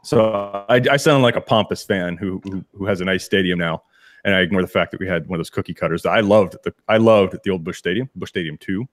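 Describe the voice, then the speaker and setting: A man with a deep, low voice co-hosts a casual sports podcast. He rambles and restarts a lot, with laughing asides. The sound is dry and close in a home studio. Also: a little fast, dry recording. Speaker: podcast co-host.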